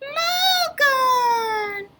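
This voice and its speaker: Woman doing a puppet boy, squeaky, excitable, very high, leaping voice, cracking squeals. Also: extremely slow, heavy background noise, exaggerated voice. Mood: eager.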